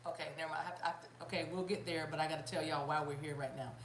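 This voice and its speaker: A woman with a low voice talks her viewers through a spiritual reading, full of fillers, restarts and asides to the chat. The room has a noticeable echo and a faint hum behind her. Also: fairly even intonation, very fast. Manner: rambling, with many fillers and restarts; addresses viewers and chat directly, laughs often. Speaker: spiritual reader. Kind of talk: live-stream tarot reading.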